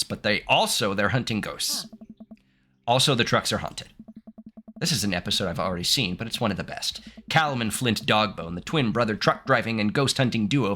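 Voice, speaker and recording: A man's voice: lowish voice, bright, forceful tone, slight background noise. A man from the United States streaming gameplay, reading game text aloud and chatting playfully with his viewers, laughing often. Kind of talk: live-streamed gameplay commentary.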